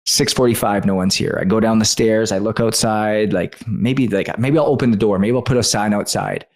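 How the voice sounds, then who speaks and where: A man's voice: on the low side, fairly even intonation, normal speed, darkish tone. A man, a guest author on a podcast interview, telling a personal story in an earnest and emotional way.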